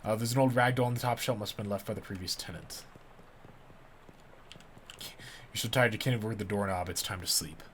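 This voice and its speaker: Low-voiced male gamer, casual commentary, reads text aloud, joking. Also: brisk, pauses often, a bit bright, slight background noise.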